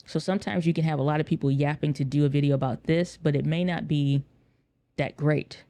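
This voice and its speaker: A man's voice: fairly high pitch, steady tone, brisk, dark tone. A man hosting a podcast, talking in an earnest, conversational way and repeating phrases for emphasis. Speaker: podcast host. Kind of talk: casual solo podcast talk.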